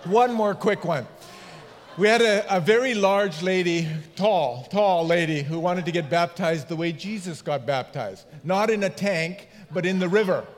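A man's voice: high voice, unhurried. A middle-aged man, a pastor, preaching a sermon through funny anecdotes and laughing at his own stories. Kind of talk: humorous sermon storytelling. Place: church sanctuary. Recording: long hall reverb.

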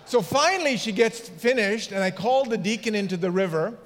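High-voiced pastor telling jokes. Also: male voice, animated, a little fast, fairly bright tone. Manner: jokey storyteller who laughs at his own anecdotes. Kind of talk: humorous sermon storytelling. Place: church sanctuary. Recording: long hall reverb.

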